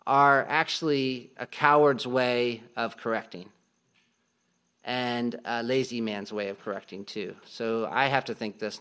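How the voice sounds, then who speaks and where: A man of ordinary pitch teaches from the Bible in a relaxed, conversational way. He often stops and restarts his sentences, with plenty of ums, and sometimes slows down to stress a point. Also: gravelly, smooth. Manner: halting, many restarts and ums, light laughs. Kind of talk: casual teaching talk.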